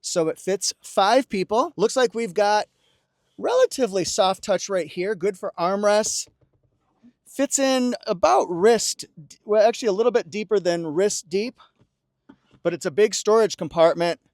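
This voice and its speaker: A man with a high, expressive voice walks around a car on the dealership lot and inside it, speaking a little slowly in an upbeat review. He points out features, slips in playful asides, and quotes songs for laughs. The studio-quality sound has no room tone.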